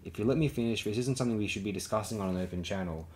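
A man's voice: sits low, steady tone, a little mellow, a little hiss or hum, close to an everyday voice. Man reading a guarded woman leader. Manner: careful, guarded, measured. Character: guarded female leader under pressure.

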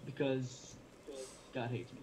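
A young man speaking with a put-on Russian accent, trading deadpan jokes as a guest in a casual chat. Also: medium pitch, takes it slowly, crowd noise. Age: young adult.

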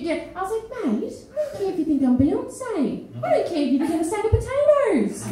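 Animated Australian woman telling a story live. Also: very high voice, a little fast, few pauses. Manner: animated, acts out the people in her story. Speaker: feature poet. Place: small studio venue with a live audience. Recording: echoey live room recording.

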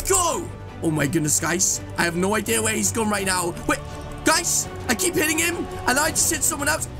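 A young man giving excited gameplay commentary as a YouTube host, exclaiming and talking straight to his viewers. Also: very high voice. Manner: hyped, exclamatory, addresses viewers as guys. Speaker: gaming YouTuber.

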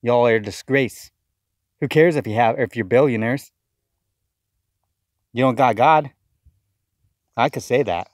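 A man's voice: medium pitch, measured pace, long pauses, dry recording. Fiery preaching man, dry sound. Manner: fiery, accusatory, repeats words mid-sentence. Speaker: self-styled preacher. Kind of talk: impassioned video sermon rant.

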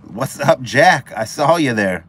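A man's voice: mid-range voice, expressive, measured pace, a bit bright, husky. Upbeat man hosting a live stream outdoors. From California. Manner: upbeat, greets viewers by name one after another. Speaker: livestream host. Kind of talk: casual live stream chat reading viewer comments. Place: outdoors at a marina at sunset.

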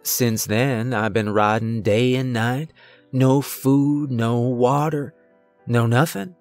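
A gruff, worn-out Old West outlaw, put on by a male narrator, drawling his words rough and blunt with a bitter edge. He takes his time, each phrase dragged out slow and heavy, over faint music. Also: mid-range voice, steady tone.

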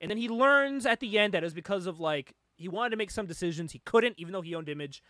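A man hosting a casual comic book chat, animated and laughing often as he reads panels aloud. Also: sits high, quick pace, no room sound, studio quality. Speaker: podcast host.

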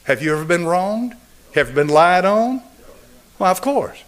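A man in his seventies preaching a sermon and altar call, driving points home through repetition and swinging between raised and hushed delivery. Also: high-pitched, expressive, measured pace. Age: 70s. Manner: emphatic, repetitive preaching cadence. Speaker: pastor.

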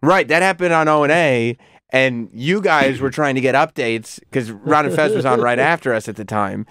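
A man's voice: mid-range voice, moderate pace, a bit bright, dry recording, studio quality. A man hosting a radio talk show, recounting an old incident in an easygoing, matter-of-fact way. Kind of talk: casual talk-show chat.

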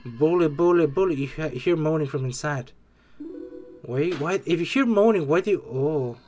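An excitable gamer joking and exclaiming while reacting to a game's death scenes. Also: mid-range voice, normal speed, soft background music. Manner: excitable, jokey, exclaims often and mimics characters. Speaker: reaction video creator. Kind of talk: casual game reaction commentary.

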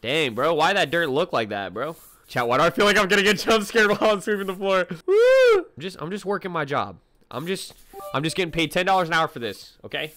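A man giving let's play commentary to his chat, excitable and full of slangy exclamations as he reacts to the game. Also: on the high side, fast. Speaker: gaming video creator.

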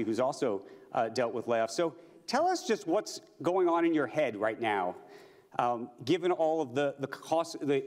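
A man's voice: mid-range voice, in a large hall. A man hosting a live stage interview, talking in a conversational way with frequent fillers. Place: conference stage before an audience.

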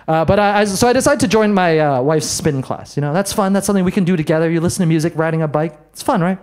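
A man doing a stand-up set in a comedy bar, brash and self-mocking, with quick asides to the crowd. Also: on the high side, darkish tone, clean tone. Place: comedy bar in front of a live audience.

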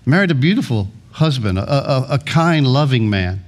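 A man's voice: mid-range voice, animated, moderate pace. A male pastor preaching a sermon in a church, earnest, often restarting his words. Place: church sanctuary.

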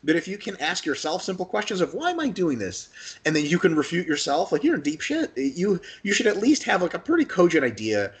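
Fast-talking man, animated and profane. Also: high voice. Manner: fast, animated, profane, acts out imagined dialogues. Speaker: guest, hypertrophy coach. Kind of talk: casual podcast interview.

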